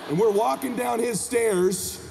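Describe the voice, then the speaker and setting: Male motivational speaker, lively storyteller, high and gravelly, in a reverberant convention hall. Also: unhurried, background noise. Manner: animated, emphatic, acts out characters. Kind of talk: animated onstage storytelling. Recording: hall reverb with faint ambience.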